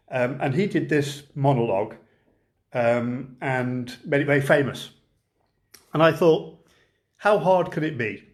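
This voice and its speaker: A man hosting an online gathering over a video call, talking hesitantly with many fillers before reciting a comic poem. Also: mid-range voice. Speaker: storyteller at an online event.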